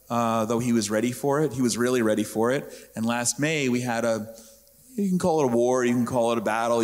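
A middle-aged man living in Israel, speaking as an interview guest in a measured, heartfelt way with frequent restarts. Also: mid-range voice, long reverb tail. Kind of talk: earnest conversational interview.

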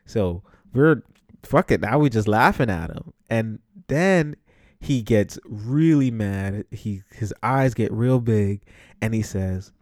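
A man's voice: fairly low pitch, lively intonation, slow, darkish tone, no echo, studio quality. Laid-back young man from the Bronx. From the Bronx, New York. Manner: laughs often, profane and loose. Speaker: podcast host. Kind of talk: casual storytelling monologue.

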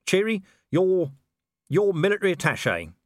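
In a clean studio recording with no room sound, a man pitches his voice above his natural register to play the city watch's blunt, weary commander. His delivery is very animated at a normal speed, dry and impatient, with a grumbling, wry mood.

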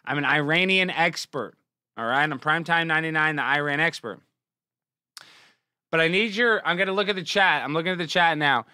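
High, bright-voiced sarcastic male host. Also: fairly quick, smooth, no echo, studio quality. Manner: mocking, swings from low mutter to loud exclaims. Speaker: show host. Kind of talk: sarcastic comedic commentary.

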